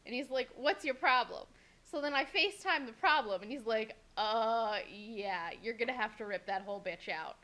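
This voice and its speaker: A young woman co-hosting a podcast, telling a story in a casual, animated way, swearing freely and acting out what people said. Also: a little high. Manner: animated, swears a lot, acts out quotes. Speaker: podcast co-host.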